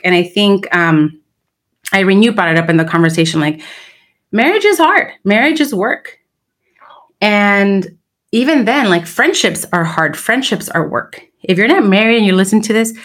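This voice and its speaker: A woman in her thirties co-hosting a podcast, talking candidly and slipping Spanish phrases into her English. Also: mid-range voice. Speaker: podcast co-host. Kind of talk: casual chat.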